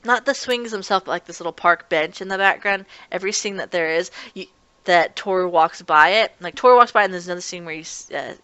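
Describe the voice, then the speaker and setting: A woman's voice: on the low side, fairly quick, a bit bright, clear, resonant tone, no echo. A woman reviewing an anime episode in a chatty, casual recap, often restarting her sentences. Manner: chatty, restarts often, acts out characters' lines.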